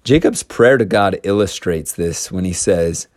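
A man's voice: low-pitched, expressive, unhurried, hardly any pauses, dry recording, clean studio sound. Chatty man teaching scripture casually. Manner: chatty, slangy asides.

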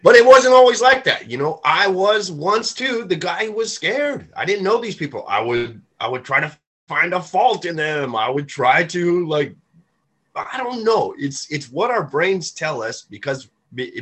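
A man's voice: fairly high pitch, sing-song, measured pace, fairly bright tone, breathy edge. A man co-hosting a casual recovery podcast, talking emphatically and swearing now and then. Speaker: podcast co-host. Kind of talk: casual recovery-group chat.

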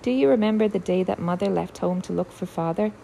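A woman voicing a quiet, wistful teenage younger sister with a steady, firm resolve. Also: on the low side, quick pace, gravelly, slight background noise, low-quality recording.

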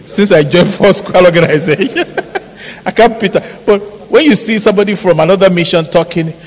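Middle-aged male Nigerian-accented preacher, animated storyteller, in a big echoing hall. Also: sits high, moderate pace. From Ibadan, Nigeria. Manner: animated, storytelling with mimicked shouts and laughter. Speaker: pastor. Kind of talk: sermon. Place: large church hall. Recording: hall reverb, faint background noise.

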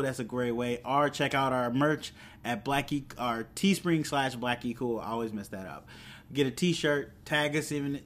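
A man hosting a podcast, casually recapping a TV episode with excitement and quoting the characters' lines as he goes. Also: mid-range voice. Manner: excited, animated retelling with quoted lines. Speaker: podcast host.

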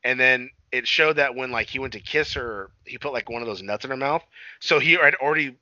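A man's voice: mid-range voice, a little fast, pushed and bright, dry recording, dull audio. A man co-hosting a podcast, casually and profanely recapping a movie's plot with acted-out quotes. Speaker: podcast co-host.

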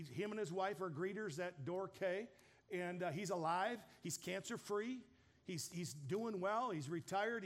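A man in his fifties delivers a sermon with a notably high-pitched voice. He speaks earnestly and directly, in a storytelling way. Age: 50s. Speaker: pastor.

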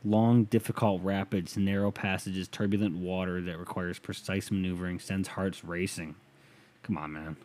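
A man's voice: deep voice, fairly even intonation, moderate pace, darkish tone. An American man doing a sarcastic, profane comedic solo rant as a podcast host. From United States.

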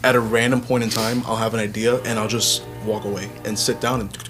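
A man's voice: fairly low pitch, fairly quick, music in the background. A man who sings and writes songs for a band, chatting casually in an interview and acting out quotes as he tells stories. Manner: relaxed, rambling storyteller, acts out quotes. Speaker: band singer and songwriter.

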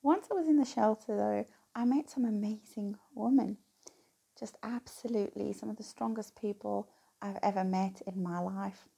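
A woman's voice: mid-range voice, moderate pace, creaky, mellow, breathy edge. A middle-aged woman talking candidly to her viewers, rambling and laughing between phrases. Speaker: vlogger. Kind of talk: casual personal talk to viewers.

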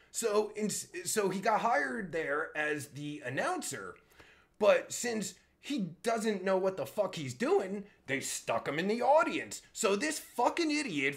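A man's voice: sits high, vocal fry, fairly bright tone. A man live-streaming from his phone, delivering a crude, exasperated comedic rant full of profanity.

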